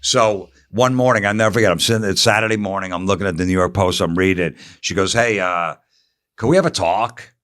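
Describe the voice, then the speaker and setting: This is a man with a fairly low voice, a comedian from New Jersey, spinning a story on a podcast. He speaks matter-of-factly and acts out both sides of the exchange as he goes. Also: a little fast, a bit bright. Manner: matter-of-fact, acting out both sides of the dialogue. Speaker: comedian guest.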